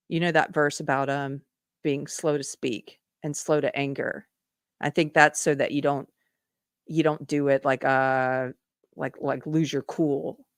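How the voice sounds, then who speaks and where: A woman host speaking in an earnest, conversational manner, often doubling back and restarting her sentences. Her voice sits a little low. The sound is close and dry, with no room echo. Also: a bit bright. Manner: earnest storytelling, lots of restarts. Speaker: podcast host. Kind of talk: casual live-stream monologue.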